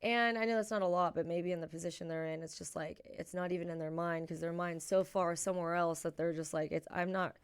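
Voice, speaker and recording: Smooth-voiced woman telling animated stories. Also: fairly low pitch, a little fast, hardly any pauses. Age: young adult. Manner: animated storyteller who acts out quoted voices. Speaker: podcast co-host. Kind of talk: casual chat and storytelling.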